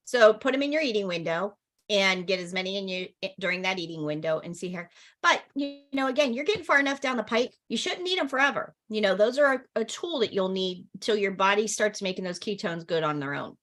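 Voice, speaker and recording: A woman coaching a keto support group over a video call, energetic, encouraging and quick to laugh. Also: medium pitch.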